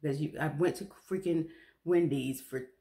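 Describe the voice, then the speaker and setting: A woman's voice: low-pitched, moderate pace, dark tone. A young woman vlogger chatting casually to the camera, chatty and self-mocking, laughing often.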